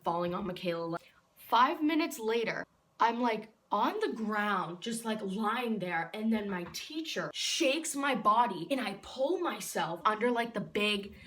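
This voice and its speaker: A teenage girl talks straight to the camera in a bright, forward voice, packing nearly every phrase with "like." Her storytelling is casual and chatty, and she gets loud and indignant when the story turns dramatic. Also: mid-range voice, slight background noise. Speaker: vlogger.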